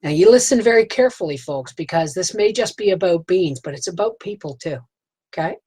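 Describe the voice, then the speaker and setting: A woman's voice: on the low side, expressive, brisk, mellow, slightly rough, low-quality recording. A woman vlogging from her homestead, telling a rambling, emotional story in a folksy, chatty way. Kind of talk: casual storytelling to camera.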